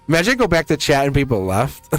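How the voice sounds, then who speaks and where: A man with a Boston accent giving a casual, blunt live tarot reading, laughing often and swearing now and then. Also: on the high side. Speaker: tarot reader.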